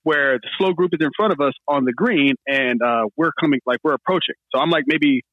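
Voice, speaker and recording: A man hosting a podcast, telling a story in a casual, animated way and acting out what others said. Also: on the high side, fairly quick, no room sound, phone-quality sound. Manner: animated, laughing storyteller, acts out quotes. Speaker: podcast host.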